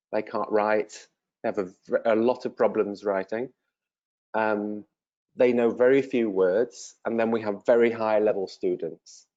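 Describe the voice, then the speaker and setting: Male, 50s, from England, English teacher; slow, clear, patient delivery with fillers, lowish voice. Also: a little mellow, muffled recording. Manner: friendly and encouraging. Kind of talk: slow, simple self-introduction to language learners.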